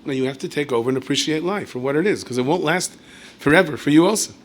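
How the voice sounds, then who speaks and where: A man, a rabbi, giving a storytelling Torah lecture in a conversational way with asides and self-corrections, and he jumps up in pitch and volume when acting out quotes. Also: fast. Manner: animated storyteller who leaps high and loud when acting out quoted speech.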